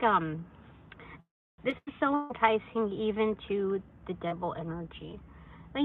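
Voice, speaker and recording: A woman's voice: a little high, narrow, tinny audio. Chatty woman doing a tarot livestream. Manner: chatty, rambling, filler-heavy, laughs often. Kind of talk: casual live tarot reading. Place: hot room indoors. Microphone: phone.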